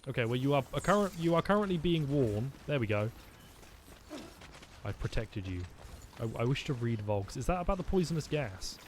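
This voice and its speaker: A man's voice: mid-range voice, big pitch swings, moderate pace, slight background noise. Joking male game streamer. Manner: rambling, joking, talks to his chat. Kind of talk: let's-play commentary.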